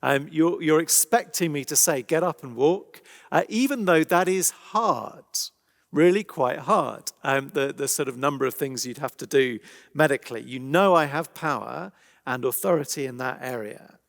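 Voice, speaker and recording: A man with an English accent giving a conversational church talk on a Bible passage, animated, dropping to hushed emphasis. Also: on the high side, normal speed, gravelly. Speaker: preacher. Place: church hall. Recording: long reverberant hall.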